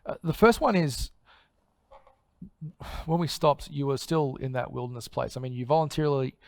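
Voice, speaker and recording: A man's voice: medium pitch, moderate pace, vocal fry, no room sound. A man hosting a casual interview, asking questions and giving frequent short affirmations.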